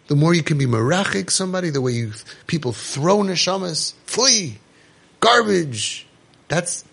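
Man, passionate preacher type, gravelly and husky, slightly higher pitched. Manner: animated, preaching, rhetorical questions, Yiddish and Hebrew terms. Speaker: parenting organization speaker. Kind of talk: impassioned monologue.

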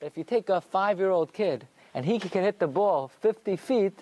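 Male Torah teacher with a lively, swooping delivery, leading a classroom lesson through question and answer. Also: high voice, moderate pace, slight background noise. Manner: explains through rhetorical questions and answers them himself.

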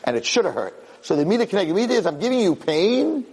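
A middle-aged man giving an impassioned Torah talk, telling stories and acting out quotes in a husky voice. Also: high voice, sing-song, fast, darkish tone, long reverb tail, low-quality recording. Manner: storytelling, acts out quotes, impassioned. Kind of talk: animated Torah class.

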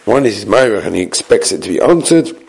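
Guy teaching gemara, reads the text then explains it, raspy voice, lots of restarts. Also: on the low side, animated, a little fast, darkish tone. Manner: restarts and hesitates often. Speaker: Talmud teacher. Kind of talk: Talmud study lesson.

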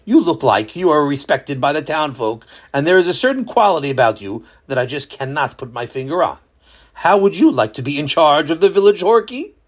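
A man voicing a stately, gracious king who speaks in a measured, formal way. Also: on the high side, very animated, breathy edge.

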